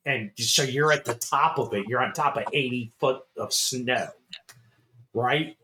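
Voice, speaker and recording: A middle-aged man co-hosting a casual show, telling a long story in an animated way, swearing and laughing as he goes. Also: mid-range voice, measured pace, a little hiss or hum. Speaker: podcast co-host.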